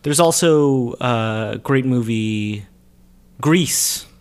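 A person on a podcast dropping dry, deadpan quips into a casual chat. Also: medium pitch, normal speed.

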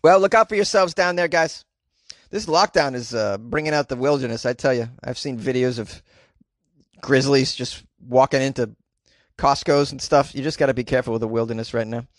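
A man's voice: mid-range voice, brisk, no echo. A man reading news stories aloud and cracking sarcastic jokes about them. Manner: sarcastic, wisecracking, laughs at own jokes. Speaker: comedic news commentator. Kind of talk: reading news with joking commentary.

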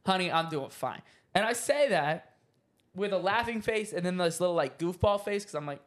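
A man's voice: high-pitched, big pitch swings, moderate pace. A man hosting a podcast in casual chat, telling stories in a jokey, teasing way with plenty of slang. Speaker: podcast host.

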